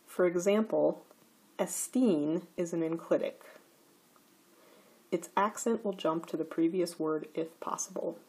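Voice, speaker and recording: A woman walks through grammar rules in a recorded slide lecture. She talks slowly and carefully, with a slightly husky, breathy voice. Her pitch sits a little low. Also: darkish tone. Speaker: teacher.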